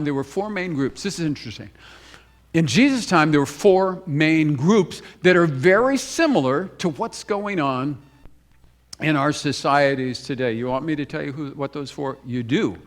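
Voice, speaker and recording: Impassioned male preacher, slightly high voice. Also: animated. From United States. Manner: storytelling preacher, swings between brisk emphatic runs and slow hushed phrases; repeats words for emphasis, addresses the congregation directly. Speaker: pastor. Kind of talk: sermon. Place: church sanctuary.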